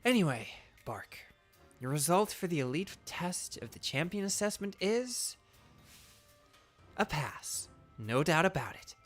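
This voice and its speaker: A man voicing a cool, teasing woman league judge in a lower, soft put-on voice with a put-on accent. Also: big pitch swings, a little slow, long pauses, soft background music, full character voice.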